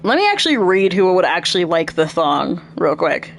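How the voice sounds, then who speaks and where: A woman's voice: lowish voice, sing-song, normal speed, vocal fry, slight background noise. A woman casually commentating while streaming a video game, chatty and thinking aloud.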